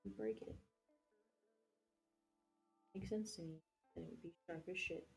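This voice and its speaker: A woman's voice: fairly low pitch, fairly even intonation, measured pace, creaky, faint music behind. Rambling, foul-mouthed young woman streamer. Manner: rambling, heavy swearing, lots of fillers. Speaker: livestream host. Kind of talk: casual chat while crafting.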